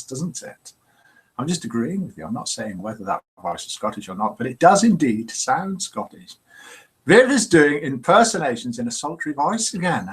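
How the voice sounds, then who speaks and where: A man hosting a live show, playfully reading viewer comments aloud and chuckling. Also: medium pitch.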